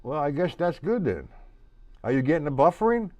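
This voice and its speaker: During a live-streamed drum lesson, a man with a slightly high, very animated voice speaks fairly quickly, counting beats aloud as he plays. He is casual and repeats words. The sound is lo-fi, with the drum kit loud behind his voice.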